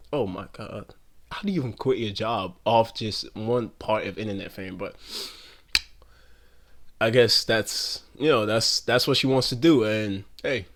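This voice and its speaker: A young man giving a casual, rambling commentary rant full of slang and swearing. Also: mid-range voice.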